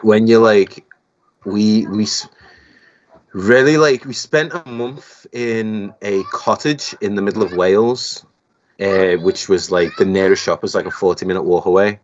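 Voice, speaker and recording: A young man with a Liverpool accent talks in a low, relaxed voice, rambling casually as a podcast guest. His audio comes through dull and lo-fi. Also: a little slow, slight background noise. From Liverpool, England. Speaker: guest musician.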